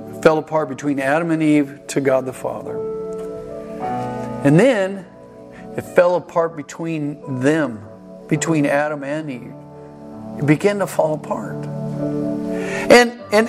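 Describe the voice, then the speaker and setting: A male pastor preaching a sermon, telling a self-deprecating story with halting restarts and acted-out dialogue. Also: sits high. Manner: halting restarts and repeated words.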